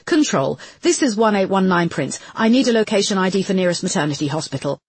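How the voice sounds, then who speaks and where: A woman voicing a brisk woman police officer, speaking tersely and giving firm commands. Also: medium pitch, sing-song, darkish tone, slightly rough, dry recording, voice pushed up. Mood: commanding.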